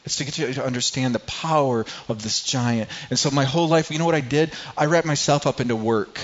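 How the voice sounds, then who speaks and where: Mid-pitched male pastor, halting and repetitive in his delivery, sermon storytelling, slightly muffled recording. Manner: halting, repeats words, quiet when moved. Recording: slightly dull lo-fi sound.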